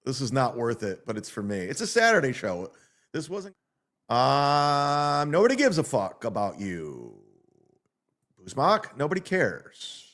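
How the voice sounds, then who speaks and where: A man's voice: mid-range voice, huge pitch swings, measured pace, fairly bright tone, slight background noise. A man hosting a livestream, ranting in a mocking, sarcastic way and reading viewer donations aloud. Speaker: livestream host.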